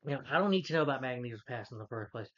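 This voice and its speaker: A man's voice: medium pitch, expressive, very fast. Rambling male film reviewer, lo-fi. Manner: rambling, full of "you know" fillers, exasperated. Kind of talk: rambling casual review rant.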